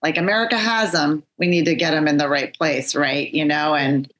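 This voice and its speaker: Low-pitched woman podcast host. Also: fairly even intonation, normal speed, a bit bright. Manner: affirming, chatty, ends points with "right?". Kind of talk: casual conversational interview.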